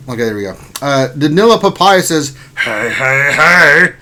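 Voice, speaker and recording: A man's voice: a little high, expressive, moderate pace, few pauses, pushed and bright, slight background noise. Upbeat jokey man hosting a livestream. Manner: upbeat, jokey, reads chat names aloud. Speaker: gaming livestream host. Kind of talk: casual live-stream chat.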